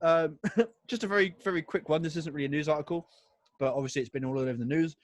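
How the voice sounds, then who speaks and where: A man's voice: fairly high pitch, fast talker, no echo. A young man co-hosting a podcast, reading odd news aloud in casual chat, laughing often and swearing freely. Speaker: podcast co-host.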